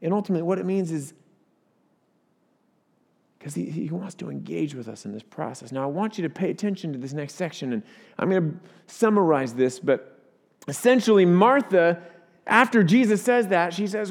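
A man preaching a sermon as a pastor, earnest and swelling louder at key points. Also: sits high, lively intonation, normal speed, vocal fry, big-room sound.

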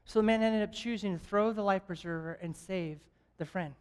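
A man preaching as a guest evangelist at a church service. He is an animated storyteller who jokes and chuckles often. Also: high voice, brisk, smooth. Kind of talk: lively sermon with stories.

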